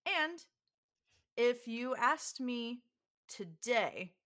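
A woman co-hosts a podcast in casual chat, explaining things and laughing frequently. Her voice is a little high, sing-song, and fairly bright, and she speaks extremely slowly.

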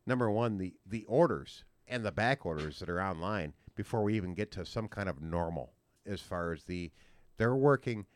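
A man's voice: low-pitched, lively intonation, normal speed, no echo. A man hosting a casual podcast chat, rambling through stories with many restarts. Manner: rambling, with frequent restarts and fillers. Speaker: podcast host.

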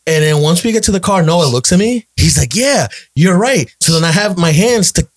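A man telling a story in a relaxed chat, his voice a bit high and swinging widely in pitch. He repeats phrases as he builds up, and he acts out the other people's lines. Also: brisk. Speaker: podcast guest, storyteller. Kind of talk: casual chat, anecdote.

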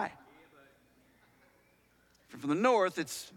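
Male pastor, high voice, chatty storytelling sermon, long hall reverb. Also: a little slow, a bit bright. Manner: conversational storytelling preacher, asks the audience questions.

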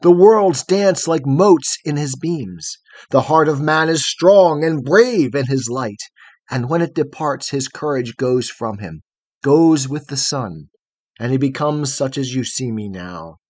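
A man reading aloud and voicing a proud young man who is terrified of the dark, talking indignantly and fretfully in a husky voice. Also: medium pitch, lively intonation, measured pace. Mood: fearful, rhapsodic.

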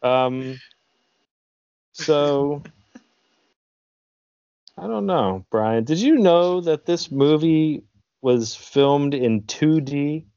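An American man co-hosting a crude comedy podcast, joking in a bawdy, deadpan way. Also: on the high side, drawn-out words, pauses often, dry recording. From United States. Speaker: podcast co-host. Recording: dull lo-fi audio with music underneath.

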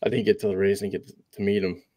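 A man's voice: lowish voice, flat delivery, fast talker, warm tone, no echo. A man co-hosting a podcast, chatting in an easygoing, offhand way. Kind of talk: casual interview chat.

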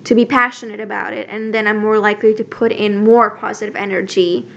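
A woman's voice: medium pitch, little pitch movement, fairly quick, vocal fry, highs cut off. A young woman vlogger talking casually to camera, chatty and full of fillers and restarts. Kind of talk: casual advice talk to camera.

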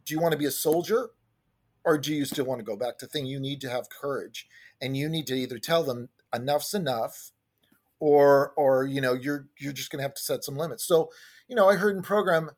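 Man, fairly high voice, candid recovery-meeting share, acts out quoted dialogue. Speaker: recovery group speaker sharing. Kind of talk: personal testimony at a support meeting.

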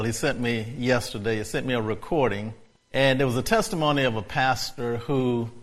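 A man preaching a sermon, storytelling in a conversational way before building to loud, excited preaching. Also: mid-range voice.

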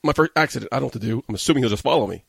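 A man's voice: medium pitch, expressive, rapid-fire, creaky, fairly bright tone, slightly rough, no room sound. A man from New hosting a podcast, telling a story in a casual, profane, agitated and rambling way. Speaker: podcast host. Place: studio.

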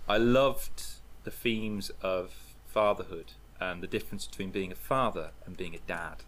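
A man's voice: sits low, normal speed, fairly bright tone, slight background noise. A man co-hosting a casual podcast, chatty and jokey, gushing as he talks. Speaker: podcast co-host.

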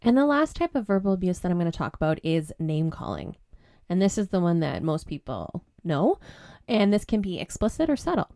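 Earnest woman podcaster with a mellow voice. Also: lowish voice, big pitch swings, brisk, no echo, clean studio sound. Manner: earnest, candid, with frequent fillers. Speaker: podcast host and breakup coach. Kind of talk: personal podcast talk.

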